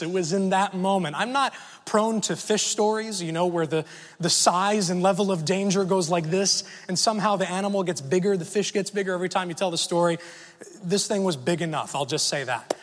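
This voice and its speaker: A man preaching a sermon and telling a personal story in a relaxed, conversational way, often asking the audience questions. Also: high voice, moderate pace, big-room sound.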